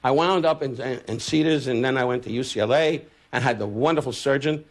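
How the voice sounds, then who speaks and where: A man's voice: medium pitch, fairly quick. A man in his eighties doing brash, needling insult comedy as a talk show guest, stammering and restarting as he goes. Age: 80s. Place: TV studio with live audience. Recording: TV studio with loud audience laughter.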